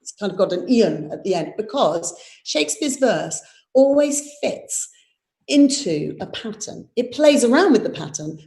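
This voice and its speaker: A woman's voice: mid-range voice, darkish tone. A woman, a theatre director leading a live online workshop, explaining verse and tapping out its rhythm aloud. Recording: roomy echo.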